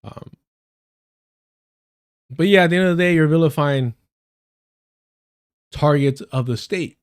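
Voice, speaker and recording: A male livestream host delivers fired-up, sarcastic commentary, swearing freely as he goes. His voice sits a little high for a man. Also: unhurried, smooth. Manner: heated, sarcastic, swears often. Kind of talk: profane political commentary.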